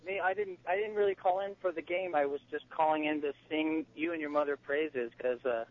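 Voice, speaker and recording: Halting, admiring man on the phone. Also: a little high, fairly even intonation. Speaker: radio caller. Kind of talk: phone call to a radio show. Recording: tinny phone line.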